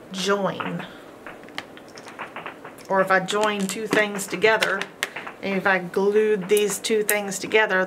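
Against some background noise, a woman with a mid-range voice leads a slow, careful phonics lesson. Each word gets sounded out patiently and repeated, always with encouragement.

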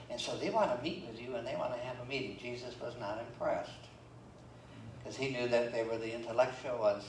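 Folksy pastor preaching in an echoey church. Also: male voice, mid-range voice, lively intonation, normal speed. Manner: folksy, joking asides between scripture readings. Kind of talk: sermon. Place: church sanctuary. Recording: roomy church echo, from far off, faint room noise.

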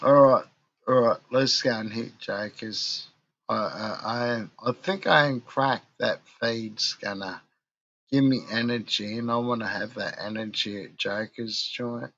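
A man's voice: mid-range voice, unhurried, a bit bright, muffled recording. A drunk man with an Australian accent, rambling and ranting in a crude, swearing monologue for his vlog. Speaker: vlogger.

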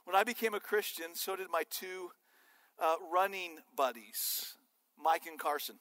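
High, bright-voiced joking preacher in hall. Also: male voice, measured pace. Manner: animated and joking. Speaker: pastor. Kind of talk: sermon. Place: church sanctuary.

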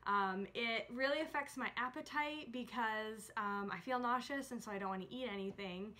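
A woman's voice: on the high side, moderate pace, bright, forceful tone. A young woman talking casually in a chatty vlog, with many fillers, feeling nauseous. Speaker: vlogger.

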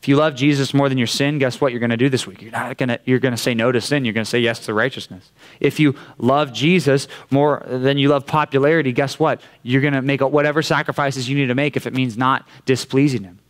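Male preacher, animated storytelling, acted quotes, youth sermon. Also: medium pitch, fast. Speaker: youth pastor. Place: church youth room.

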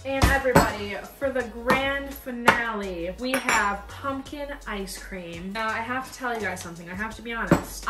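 A young woman chatting casually and bluntly as she taste-tests food for her vlog. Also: a little high. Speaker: vlogger. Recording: echoey room, mic at a distance. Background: faint music.

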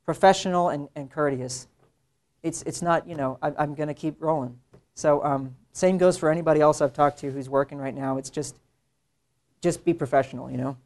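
A young man, a working illustrator, lectures a room of students in an easygoing, conversational way. He keeps things animated and now and then mimics other people's voices in quick asides. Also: a little high. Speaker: illustrator giving a talk to students. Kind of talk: casual classroom lecture.

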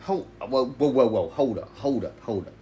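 A man's voice: mid-range voice, lively intonation, warm tone, lo-fi sound, a little hiss or hum. A man in a self-dialogue skit, frustrated and swearing, breaking off and restarting his sentences. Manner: frustrated, profane, halting restarts. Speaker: skit creator.

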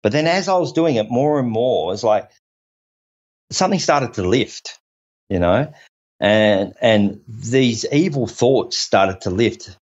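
A man's voice: medium pitch, expressive, slow, darkish tone. Aussie guy telling his story on a podcast, earnest and rambly, keeps restarting, kinda muffled lo-fi sound. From Australia. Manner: earnest, rambling, repeats himself with many restarts. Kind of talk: personal story told in conversation. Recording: dull lo-fi audio.

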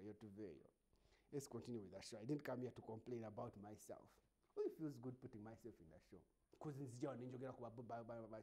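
A Ugandan man with a Ugandan English accent riffs through a comedic monologue as host. His pitch leaps around a lot and there is a gravelly fry in his voice. He laughs often and keeps a mocking edge. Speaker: show host.

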